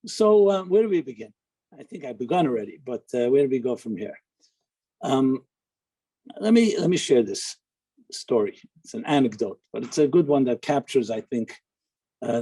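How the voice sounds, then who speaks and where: Mellow husky-voiced rabbi telling stories. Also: male voice, mid-range voice, poor audio. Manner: chatty, digressive storyteller with humor. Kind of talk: informal talk with anecdotes.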